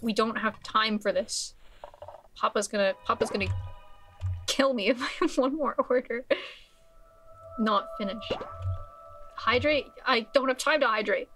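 A woman's voice: on the high side, measured pace, pauses often, a bit bright, faint music behind. A young woman streaming a video game, chatting casually in a giggly, scattered way full of exclamations and restarts.

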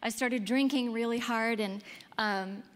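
A woman's voice: a little high, fairly even intonation, measured pace. A woman in her fifties giving a candid personal testimony as a speaker, in a conversational storytelling way. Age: 50s. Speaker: pro-life speaker. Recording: long hall reverb.

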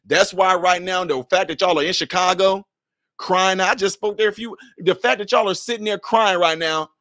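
High, bright-voiced man in heated commentary. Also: normal speed, dry recording, studio quality. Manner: confrontational, fires rhetorical questions; swings between shouting and low, blunt asides. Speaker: social commentator.

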